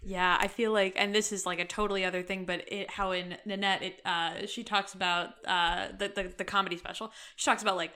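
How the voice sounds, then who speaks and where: Brief: young woman co-host, sharp bright tone, hesitant rambling chat with giggles. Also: mid-range voice, little pitch movement, fairly quick, hardly any pauses. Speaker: podcast co-host. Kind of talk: casual chat.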